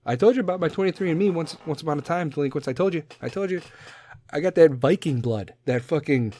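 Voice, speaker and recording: A man in his thirties hosting a podcast, rambling through a profane comedic monologue, laughing at his own jokes and swinging between loud outbursts and low mutters. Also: lively intonation, fast talker. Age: 30s. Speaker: podcast host.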